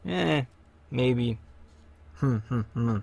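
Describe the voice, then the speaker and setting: A man hosting a live gameplay stream, chatting in slang and cheering on his teammates with loud bursts of excitement. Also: mid-range voice, drawn-out words, vocal fry. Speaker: livestream host. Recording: faint game music behind.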